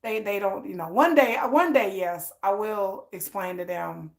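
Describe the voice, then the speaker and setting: A woman from Texas hosts a livestream from a home room lit by ring lights, chatting casually in a mid-range voice at a slightly slow pace. She tells stories with animation and acts out the voices of the people in them.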